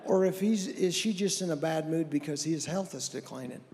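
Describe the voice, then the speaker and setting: Middle-aged male comic, high voice, folksy self-deprecating storyteller in a reverberant church hall. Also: moderate pace, mellow. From American Southwest. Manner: folksy, self-deprecating, acts out others' lines. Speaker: stand-up comedian. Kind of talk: stand-up storytelling.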